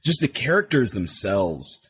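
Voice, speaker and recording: Podcast guest: male voice actor, lower register, lively and conversational, acts out little quotes. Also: a little slow, husky, no echo. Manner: animated, acts out quotes while explaining. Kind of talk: casual podcast chat.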